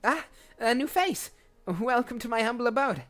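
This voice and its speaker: A man's voice: very high voice, expressive, moderate pace, faint music behind, voice pushed up. A man voicing a tiny, dramatic male goblin lore keeper with a put-on English accent. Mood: grand welcome. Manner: theatrical, swings from hushed to yelling.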